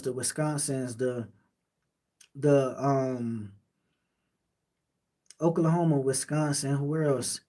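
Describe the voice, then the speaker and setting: Late at night on his livestream, a Miami-accented man from Miami, Florida casually rambles through answers to viewer comments. His voice is slightly high and a little mellow.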